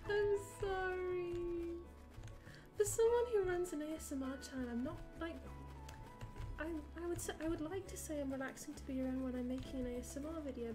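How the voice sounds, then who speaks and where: A young British woman streaming a video game at home, chatting casually and breaking into giggles and squeals. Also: high voice. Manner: giggly and excitable, bursts into squeals and shrieks. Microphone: desktop mic with headphones. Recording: game music playing behind.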